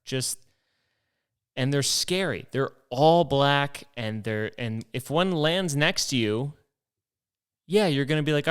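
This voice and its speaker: Young male host, smooth clear voice, casual rambling monologue with profanity and self-mockery. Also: medium pitch, animated, takes it slowly, long pauses. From New York. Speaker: podcast host.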